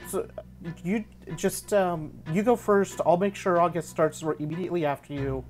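A man takes part in a tabletop game, voicing his character with a dry, flat delivery. Faint music sits under his voice. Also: high voice, normal speed. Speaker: player. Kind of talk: tabletop role-play.

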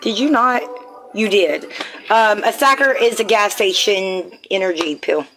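A woman's voice: medium pitch, measured pace, a bit bright, soft background music. Blunt, foul-mouthed woman streamer. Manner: blunt, profane, rambling with fillers. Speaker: live streamer. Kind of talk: casual live stream chat.

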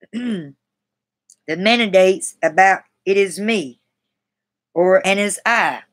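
This live streamer's voice is mid-range and fairly bright as she reads from a grammar book, tripping over words and starting them again. Between passages she chats with viewers, halting and poking fun at herself.

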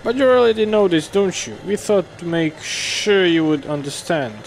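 A man voicing a knowing, insistent phantom mother who speaks quickly. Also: high-pitched, lively intonation, gravelly, voice pushed up, low-quality recording. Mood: eerie.

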